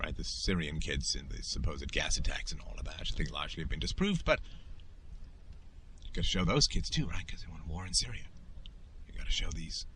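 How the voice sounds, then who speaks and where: A man's voice: a bass voice, animated, a little fast, pushed and bright, a little hiss or hum. A middle-aged man hosting a show, delivering an emphatic, opinionated monologue in a lecturing manner. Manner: emphatic, lecturing, acts out quoted voices. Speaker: podcast host.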